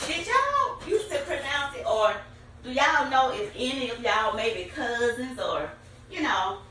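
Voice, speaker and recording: An older woman with a Southern US accent, chatting folksy and casual to viewers as she cooks in her home kitchen. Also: high voice. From Southern United States. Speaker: home cook. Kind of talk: casual cooking vlog. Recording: roomy, echoey kitchen.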